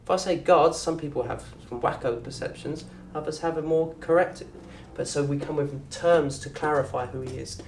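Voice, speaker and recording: A man with a southern English accent teaching an Arabic course in a lecture room. He talks in a lively way, quizzes the audience and acts out little scenes. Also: fairly high pitch, moderate pace, vocal fry, few pauses, a little hiss or hum. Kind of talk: lecture to an open day audience. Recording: roomy echo from a distant mic.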